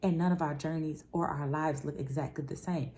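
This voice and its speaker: A woman's voice: low voice, steady tone, fairly quick, mellow. Emphatic, playful woman podcast host. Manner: emphatic, playful and conversational with slang. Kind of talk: motivational podcast monologue.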